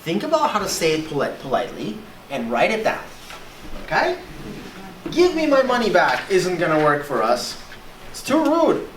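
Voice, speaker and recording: An animated teacher leads a classroom lesson, the pitch rising and falling constantly. The voice keeps checking in with the students. It sits at a distance from the mic in a reverberant room. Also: moderate pace. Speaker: English teacher. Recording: echoey room, voice from far off, faint hiss.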